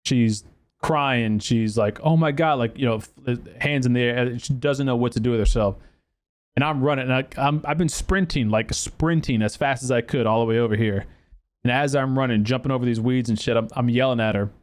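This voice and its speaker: A man's voice: mid-range voice, brisk. A man hosting a podcast, telling a story casually, with profanity and many fillers and restarts. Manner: profane, animated storytelling with acted quotes. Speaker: podcast host.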